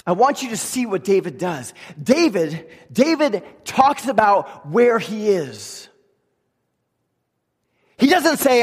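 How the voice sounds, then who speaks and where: A man preaching from the pulpit with a high, ringing voice that carries through a large hall's long reverb. He builds to shouted declarations of belief, then drops suddenly to a near hush. His sermon has a personal, fervent edge. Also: big pitch swings, slow pace, breathy edge. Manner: impassioned, sometimes shouting, dropping to a hush. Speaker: pastor.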